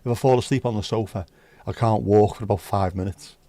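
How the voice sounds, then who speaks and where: A man's voice: fairly low pitch, steady tone, a little fast, mellow, dry recording. Blunt chatty British man. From United Kingdom. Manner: chatty and blunt, swears freely. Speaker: livestream host. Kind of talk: casual chat.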